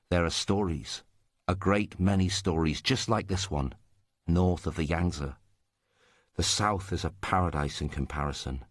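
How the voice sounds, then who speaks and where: A man's voice: sits low, dry recording, studio quality. A man voicing Old Zhang, an old male wandering storyteller who declaims sorrowful tales and half-sung sayings.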